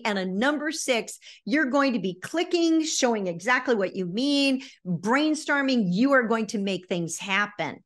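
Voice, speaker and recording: A middle-aged woman with a fairly high voice leads a lively online workshop on presenting. She talks in an animated, storytelling way and now and then sings a line to make her point. She sounds like she is speaking into a computer mic on a video call. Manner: animated storyteller, bursts into snippets of song. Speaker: presentation skills trainer. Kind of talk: lively virtual workshop talk.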